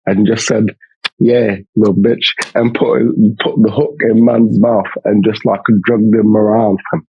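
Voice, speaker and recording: A man's voice: lowish voice, little pitch movement, normal speed, breathy edge, no echo. A young man, co-hosting a casual podcast in a laid-back, slang-heavy way, often tagging lines with "fam". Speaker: podcast co-host. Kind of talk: casual banter podcast chat. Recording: dull, dry lo-fi mic.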